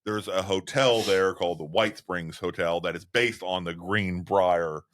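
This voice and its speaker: Man, podcast co-host, bright voice, rambling, profane casual chat. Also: low-pitched, steady tone, unhurried. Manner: rambling, swears freely, laughs a lot.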